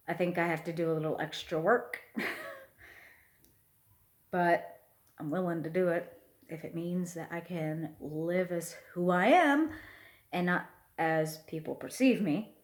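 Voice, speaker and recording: Slow, soft-spoken trans man vlogging. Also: on the high side. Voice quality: pre-testosterone voice. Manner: slow, halting, with many pauses and fillers; soft, heartfelt. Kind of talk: personal video update.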